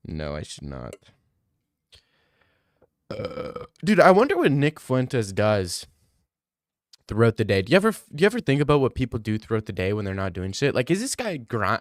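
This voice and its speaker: A man's voice: on the low side, no echo, studio quality. A young man chatting casually on a stream, rambling and swearing freely. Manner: loose, rambling and profane.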